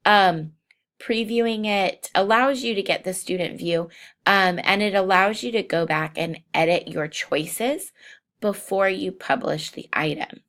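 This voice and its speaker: A woman walking through software steps in a screencast tutorial, unhurried and thinking aloud with frequent ums. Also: medium pitch. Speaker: teacher demonstrating software.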